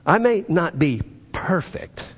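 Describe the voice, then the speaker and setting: Male pastor, sermon, fairly high voice, impassioned, swings from loud to hushed, long hall reverb. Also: lively intonation, slow, slightly rough. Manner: impassioned preaching, rising loud then dropping low.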